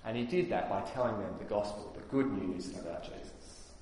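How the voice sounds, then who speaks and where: A man preaching a sermon, explaining things earnestly with frequent pauses on "uh". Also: fairly low pitch, darkish tone, a little hiss or hum. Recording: echoey hall reverb.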